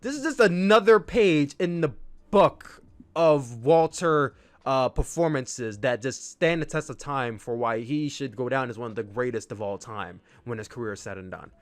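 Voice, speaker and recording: A man giving a casual, rambling solo review of a wrestling match, enthusiastic and prone to excited outbursts. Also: medium pitch, moderate pace, no room sound.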